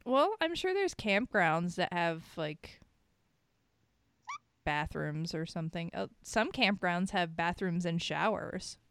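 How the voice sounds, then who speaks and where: A woman's voice: on the low side, lively intonation, slow, fairly bright tone, clear, resonant tone. A woman co-hosting a podcast in casual chat, easygoing and chatty, laughing easily. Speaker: podcast co-host.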